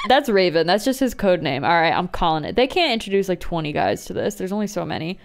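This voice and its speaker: Excitable jokey woman gaming streamer. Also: lowish voice, fairly quick, vocal fry. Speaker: gaming YouTuber. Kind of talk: let's-play commentary.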